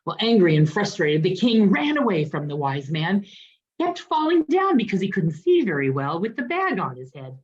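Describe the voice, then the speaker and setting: A woman minister telling a parable in a sermon, expressive and lively in the way she voices its characters. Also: on the low side, normal speed, slightly rough, dull audio. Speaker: guest minister. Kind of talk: sermon storytelling.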